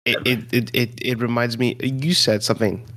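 Casting: male podcast co-host, mid-range voice, laid-back chatter, quick laughs. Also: medium pitch, fairly even intonation, fairly bright tone. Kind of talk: casual chat.

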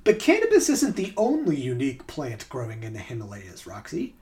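A man's voice: medium pitch, huge pitch swings, fairly quick, darkish tone. A man hosting a podcast, reading out trivia facts in a quiz game and then chatting casually about the answers. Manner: reads facts aloud, then chats casually. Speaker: podcast host.

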